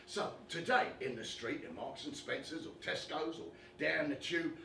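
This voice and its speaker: An actor playing a brash, chatty British boxing commentator in an animated one-man stage comedy monologue, talking straight to the audience. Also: fairly high pitch, moderate pace, creaky, slight background noise, full character voice. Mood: confiding. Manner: animated, chummy, addresses the audience directly. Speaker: stage performer. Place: theatre stage with a live audience. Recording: roomy live stage recording from far off.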